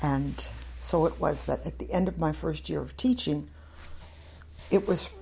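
Brief: older woman interviewee, low gravelly husky voice, chatty and outspoken, rambling stories. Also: unhurried, darkish tone. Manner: talkative, frank, wandering anecdotes. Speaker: interviewee, former German teacher. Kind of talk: oral history storytelling.

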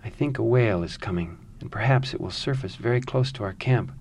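A man voicing a calm seventy-year-old hunter who speaks softly but with confidence, in a storybook reading. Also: mid-range voice, brisk, slight background noise, lightly acted. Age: 70s.

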